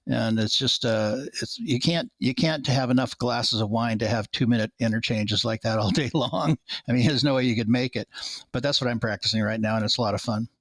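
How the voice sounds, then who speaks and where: A man's voice: mid-range voice, fairly quick, fairly bright tone, no echo. Rambling, laughing man on a dry mic. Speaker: podcast guest.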